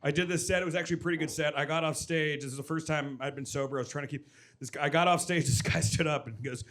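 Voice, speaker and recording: A man performing a stand-up comedy set on a club stage, telling energetic stories with loud shouted impressions and quick asides. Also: fairly high pitch.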